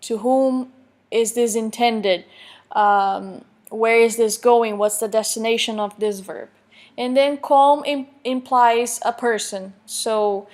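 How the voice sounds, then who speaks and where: A woman, a Portuguese teacher explaining grammar in a recorded online lecture, with joking asides and slowly read examples. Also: on the high side, fairly even intonation. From Brazil.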